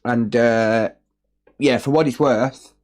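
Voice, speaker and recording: Guy doing a repair livestream, slow easygoing talk, jokey and a bit sweary. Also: medium pitch, fairly even intonation, darkish tone. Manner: joking, blunt, swears, reads out chat and notes. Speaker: electronics repair livestream host. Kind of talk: casual livestream chat while working. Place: repair workbench indoors.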